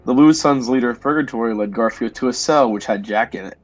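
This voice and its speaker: Deadpan man reading a silly story. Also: medium pitch, quick pace, no room sound, soft background music, low-quality recording. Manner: flat, mock-serious delivery. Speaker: podcast host.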